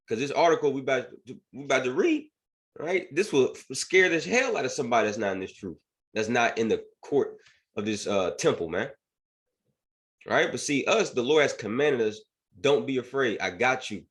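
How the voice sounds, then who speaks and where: A man's voice: medium pitch, lively intonation, normal speed, fairly bright tone. A man teaching scripture and commenting on news in an emphatic preaching manner, often asking "right?". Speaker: bible teacher.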